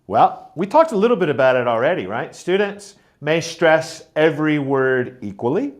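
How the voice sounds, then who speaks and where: A man teaching a pronunciation lesson, speaking deliberately and modeling words and sentences aloud to show stress. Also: on the high side, very animated. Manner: slow, deliberate, demonstrating stress patterns aloud. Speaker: teacher trainer.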